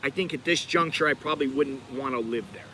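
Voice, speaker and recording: Bright-voiced, chatty American man. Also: medium pitch, brisk, slight background noise. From United States. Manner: chatty, digressive, talks to viewers directly. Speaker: channel host. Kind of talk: rambling livestream chat.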